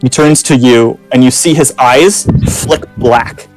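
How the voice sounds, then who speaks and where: Halting male game master. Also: medium pitch, faint music behind, poor audio. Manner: halting, restarts, descriptive narration. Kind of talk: narrating a tabletop game.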